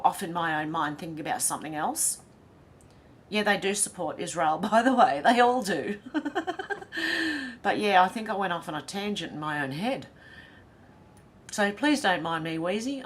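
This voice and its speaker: A woman's voice: fairly low pitch, fairly bright tone, breathy edge. A middle-aged Australian woman hosting a casual livestream, reading viewer comments aloud with giggly, chatty asides. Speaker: livestream host.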